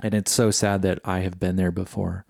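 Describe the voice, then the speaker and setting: Low-voiced man musing alone on a podcast. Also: level tone, creaky, a little mellow, no room sound, studio quality. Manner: reflective, halting, many fillers and restarts. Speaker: podcast host. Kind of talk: casual solo monologue.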